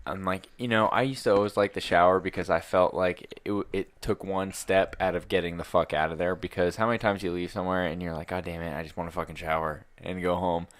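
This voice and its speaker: A man's voice: fairly even intonation, quick pace, few pauses. A man co-hosting a podcast, rowdy and profane, laughing often. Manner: rowdy, laughing, swinging pitch. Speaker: podcast co-host. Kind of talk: casual chat.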